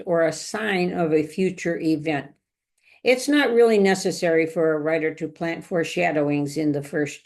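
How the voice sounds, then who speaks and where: Measured older woman author, low voice. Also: darkish tone. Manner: measured, deliberate, clears throat often. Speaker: author explaining her novel. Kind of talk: scripted talk on fiction writing.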